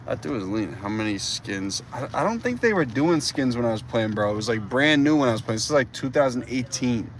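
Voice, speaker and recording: A man's voice: mid-range voice, lively intonation, brisk, hardly any pauses, slight background noise. A man in his twenties chatting casually with his live-stream viewers from a city street at night, teasing and joking with lots of slang. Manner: playful, teasing, slangy with lots of dude and bro. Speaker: livestreamer.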